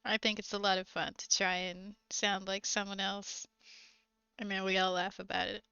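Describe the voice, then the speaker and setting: A woman's voice: medium pitch, flat delivery, normal speed, gravelly, sharp tone, clear, resonant tone, no echo. A woman streamer chatting casually and giggling often while she crafts on a livestream, recorded on a slightly dull desk mic.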